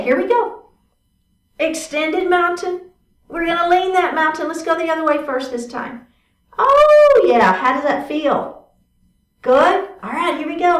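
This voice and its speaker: A woman guides a chair yoga class in a fairly high voice, calling out each move and asking how it feels. She stands a little away from the mic, and the room echoes around her. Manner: encouraging, cueing moves step by step with frequent check-ins. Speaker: yoga instructor. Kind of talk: guided exercise class instruction. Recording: roomy sound from a distant mic.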